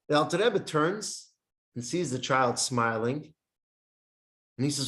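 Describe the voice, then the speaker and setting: A man's voice: medium pitch, a bit bright. Man, lesson teacher, emphatic phrase-by-phrase delivery, reads from a handout, roomy echo. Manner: speaks in short emphatic phrases with pauses. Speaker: teacher of a Jewish meditation class. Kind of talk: classroom lesson with storytelling.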